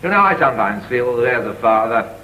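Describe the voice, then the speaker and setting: An actor playing a remote, phone-obsessed upper-class English father in a 1960s TV sketch, clipped and brisk. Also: mid-range voice, very animated, muffled recording, a little hiss or hum, natural voice. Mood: awkward. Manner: brisk, clipped, distracted businessman.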